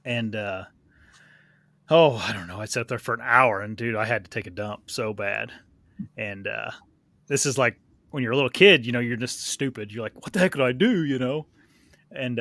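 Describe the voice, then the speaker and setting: Laid-back bright-voiced man telling stories. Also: medium pitch, dry recording. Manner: laid-back, rambling, filler-heavy. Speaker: podcast co-host. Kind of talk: casual storytelling chat.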